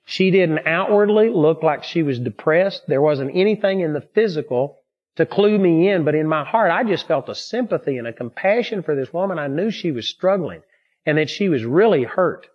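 A man preaching a sermon, telling personal stories in an earnest, steady way. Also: on the high side, normal speed. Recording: dull lo-fi recording.

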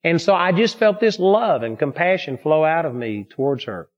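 Earnest preacher man, slightly high voice. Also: normal speed. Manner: earnest, steady storytelling. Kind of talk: sermon teaching with personal stories. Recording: dull lo-fi recording.

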